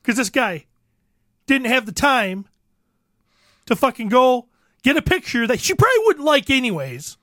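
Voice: high voice, big pitch swings, normal speed, pauses often, a bit bright, dry recording, clean studio sound. Crude, exasperated podcast ranter. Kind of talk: profane comedic rant.

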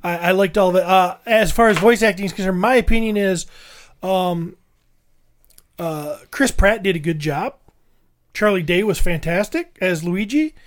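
A man with a notably high speaking voice co-hosts a loose movie review podcast at normal speed. He rambles and repeats words as he searches for his point.

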